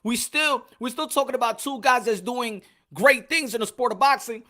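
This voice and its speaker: A lively man hosts a boxing live stream, talking in loose, repetitive bursts and shouting out names from his chat. His voice has a bright, forceful edge. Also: very high voice, normal speed. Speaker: boxing channel host. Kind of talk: live-stream commentary chatting with viewers.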